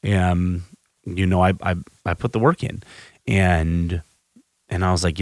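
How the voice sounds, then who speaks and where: A man's voice: deep voice, fairly even intonation, measured pace, long pauses, no echo, studio quality. A man hosting a podcast, telling a personal recovery story in a candid, self-reflective way, often restarting his sentences. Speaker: podcast host.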